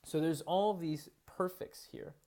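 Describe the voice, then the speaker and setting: A man's voice: a little high, slow pace, dark tone. A man giving a recorded college English lecture, explaining patiently and thinking aloud with frequent fillers and restarts.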